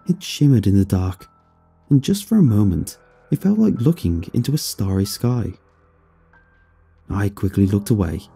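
A man narrating a horror story with a deep, very dark tone and a husky edge. His pitch swings widely as he dramatizes each moment. Faint music plays behind him.

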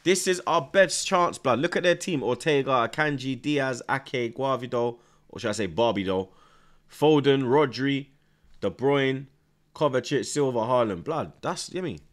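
Speaking at a moderate pace in a mid-range voice, a young man hosts a live football stream and reads viewers' chat aloud. He's slangy and repetitive, sounding nervous but hyped up.

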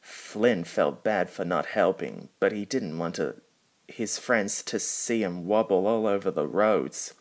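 Slow, careful male storybook reader. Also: sits low. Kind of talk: storybook narration.

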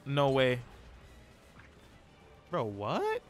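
A young man streaming live gameplay, chatting in an excitable, slangy, self-mocking way. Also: mid-range voice, very slow, soft background music.

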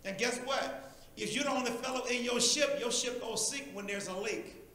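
A male pastor preaching a sermon in a church, animated and talking back and forth with the congregation. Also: very high-pitched, normal speed, very echoey, low-quality recording. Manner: animated, preachy call-and-response.

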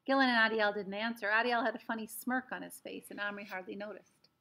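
Woman storyteller reading a children's novel, gravelly timbre, friendly asides to kids. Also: medium pitch, steady tone, fast, pushed and bright. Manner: chatty asides to young listeners.

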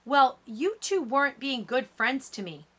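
A woman reading an audiobook, voicing a hurt junior-high girl arguing heatedly with her friends. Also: sing-song, measured pace, slightly rough, full character voice. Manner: shouting, heated.

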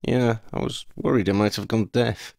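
A man playing a dry-witted steady young wizard. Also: fairly low pitch, creaky, dry recording, pitched above the performer's own voice. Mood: measured. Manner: dry, measured.

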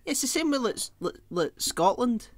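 A man's voice: very high voice, very animated, normal speed, no echo. A man co-hosting a podcast, chatting casually in a jokey, sweary way. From Britain. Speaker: podcast co-host. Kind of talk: casual chat.

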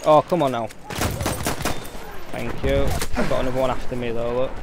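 A man's voice: medium pitch, normal speed, long pauses, background noise. A young man with a Yorkshire accent streaming a game, chatting easily with his viewers as he plays. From Yorkshire, England. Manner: chatty, easygoing, talks to chat while playing. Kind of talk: casual live gameplay commentary. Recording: game gunfire loud behind the voice.

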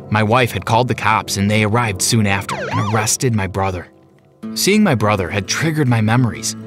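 A man telling a first-person story as narrator, dramatic and slowing down for the tense moments. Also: medium pitch. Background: background music.

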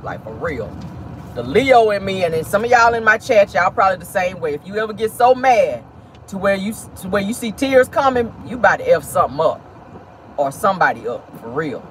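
Sassy high-voiced man gossiping in a car. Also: big pitch swings, a little fast, fairly bright tone, poor audio. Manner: sassy and dramatic, calls listeners honey and baby. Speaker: host. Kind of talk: casual celebrity gossip commentary. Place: inside a car. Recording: car noise behind the voice.

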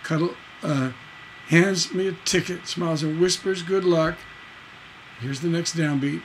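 A man's voice: on the high side, steady tone, measured pace, vocal fry, a little hiss or hum, rough recording. A man teaching songwriting on a livestream, reading lyrics and counting beats aloud, with many fillers and restarts. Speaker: songwriting instructor.

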